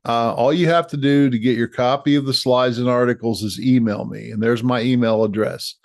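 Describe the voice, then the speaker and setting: A middle-aged man talks straight to his viewers as a leadership coach, earnest and encouraging, often restarting a phrase before finishing it. His voice sits at an ordinary pitch for a man. The sound is dry and close, with little room echo. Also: steady tone, fairly quick. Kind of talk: direct-to-camera coaching talk.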